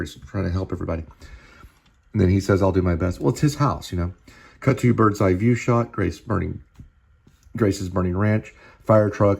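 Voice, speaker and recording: A man's voice: sits low, creaky, mellow. A man reading his own screenplay aloud, stopping often to explain and think aloud.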